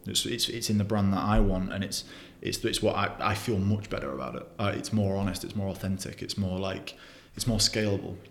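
Fast-talking, blunt man, roomy sound. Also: sits low, creaky, fairly bright tone, a little hiss or hum. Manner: blunt, frequent swearing, many restarts. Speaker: podcast guest. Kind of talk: casual interview chat.

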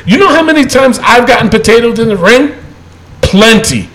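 A man's voice: very high-pitched, animated, moderate pace, a bit bright, rough recording. A man on a podcast, ranting in heated casual chat with lots of profanity and emphatic repetition. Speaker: co-host.

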